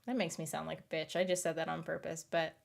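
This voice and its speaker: A woman's voice: low voice, level tone, fast, vocal fry. A woman in her thirties chatting casually with her stream viewers late at night, giggly and rambling, laughing often and trailing off, tired. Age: 30s.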